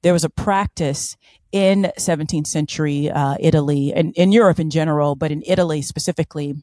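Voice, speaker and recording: Playful woman podcast host, low voice. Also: brisk, no room sound, clean studio sound. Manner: animated, playful, fond of silly voices. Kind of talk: casual chat, storytelling.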